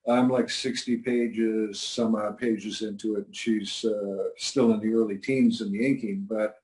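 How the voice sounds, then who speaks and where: An older man, a comic creator guest, telling stories in a dry, matter-of-fact way with hesitant pauses. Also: fairly low pitch, fairly even intonation, a little mellow, low-quality recording. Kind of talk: relaxed interview talk.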